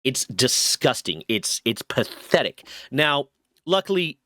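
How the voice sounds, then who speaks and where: A man's voice: mid-range voice, sing-song, slow, pushed and bright, no echo. A man giving heated, profane commentary as a streamer, indignant in tone. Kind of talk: angry commentary.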